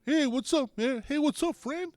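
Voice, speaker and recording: A man voicing Grimace, a jolly, easygoing fast-food mascot, in a high squeaky friendly voice that slows down and turns soothing. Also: no echo. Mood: cheery.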